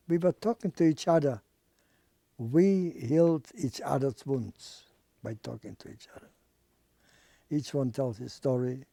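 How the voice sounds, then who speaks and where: Older man, unhurried testimony, mellow tone, halting non-native English, searches for words. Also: mid-range voice, no room sound. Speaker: Holocaust survivor giving testimony. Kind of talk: oral history testimony.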